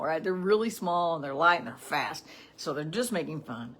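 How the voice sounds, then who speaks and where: A woman's voice: deep voice, expressive, normal speed, slightly rough. A middle-aged woman giving a casual morning devotional, talking in a chatty way with frequent "right?" asides. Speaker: devotional teacher.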